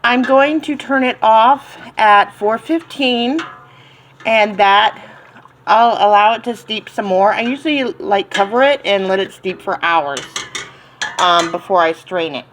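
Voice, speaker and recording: A woman's voice: medium pitch, measured pace, a bit bright, a little hiss or hum, rough recording. A woman with a Southern accent chatting casually in her home kitchen, rambling with lots of ums and little laughs. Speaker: home cooking channel host.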